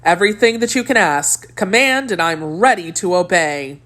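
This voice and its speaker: A woman voicing a young male swordsman in an audiobook, earnest and flattering. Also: lowish voice, normal speed. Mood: ardent.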